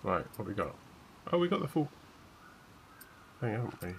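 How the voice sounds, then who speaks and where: A man's voice: lowish voice, big pitch swings, normal speed, a little hiss or hum, low-quality recording. A British man chatting to himself while playing a video game and reading in-game notes aloud. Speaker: gamer streamer. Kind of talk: let's play commentary, reading journal aloud.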